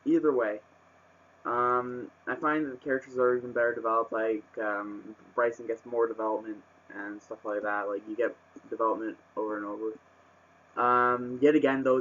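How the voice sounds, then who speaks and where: Through a muffled webcam microphone, a man with a medium-pitched, slightly bright voice reviews a book in a casual vlog. He wanders with lots of fillers and restarts before bursting into exasperated rants.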